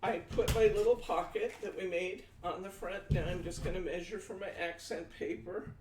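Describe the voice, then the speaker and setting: A man's voice: high-pitched, fairly even intonation, moderate pace. A man hosting a live-stream crafting demonstration, chatting folksily with viewers and talking through each measurement step by step. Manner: chatty, folksy, answers viewer comments aloud. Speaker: craft show host. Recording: echoey room, distant mic, faint noise.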